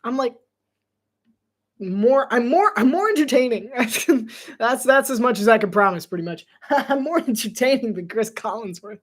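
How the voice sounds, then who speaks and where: A man's voice: extremely high pitch, expressive, normal speed, fairly bright tone. A man doing casual live play-by-play commentary on his own, chatty and self-deprecating and laughing often. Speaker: solo sports commentator.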